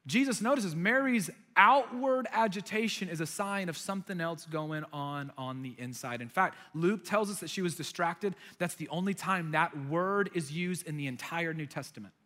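Male preacher, bright, forceful tone, animated storyteller who acts out voices. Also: sits high, normal speed, hardly any pauses. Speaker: pastor. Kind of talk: sermon.

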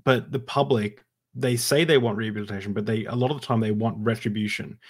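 A man's voice: fairly low pitch, fairly even intonation, quick pace. A man hosting a podcast, asking questions in a thoughtful, hesitant way with frequent restarts. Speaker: podcast host. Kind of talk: casual interview talk.

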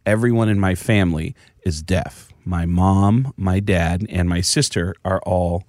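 A male comedian in a studio telling lively stories, quick and animated, dropping into voices as he goes. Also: low voice, no echo. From the Bronx, New York. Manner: lively, fast, slips into voices mid-story. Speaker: comedian and voice actor guest. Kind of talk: animated storytelling chat.

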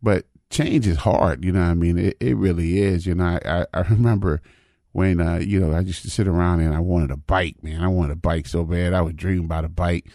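Man, 50s, very low voice, dry close sound; easygoing folksy storyteller. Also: steady tone, fairly quick, warm tone, no room sound. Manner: folksy, repetitive, says "man" and "you know what I mean". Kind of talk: casual storytelling monologue.

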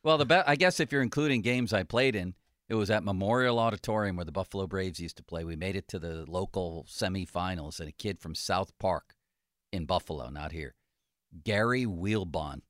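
A man, a sports journalist, chatting casually about sports in a lively, joking way. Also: low voice, dry recording, studio quality. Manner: lively, joking, quick to laugh.

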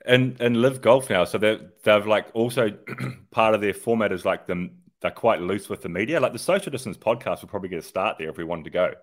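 A man's voice: lowish voice, fairly quick, hardly any pauses. A man, co-hosting a podcast in casual, rambling, sweary chat. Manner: rambling, laid-back, sweary. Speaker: podcast co-host.

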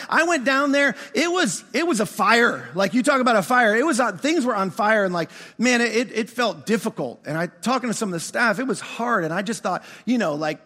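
A man preaching in a large church auditorium, his voice high and bright as it rings out with a long hall reverb. He tells his story with animation and acts out each side of the conversation. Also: lively intonation, brisk, hardly any pauses. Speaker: pastor. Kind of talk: storytelling sermon.

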